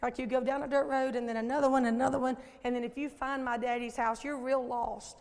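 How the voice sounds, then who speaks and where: Lively Southern woman preaching in echoey church. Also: sits high, a little fast. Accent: Southern American. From Southern United States. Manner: lively, folksy, questions the congregation. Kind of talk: sermon. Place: church sanctuary.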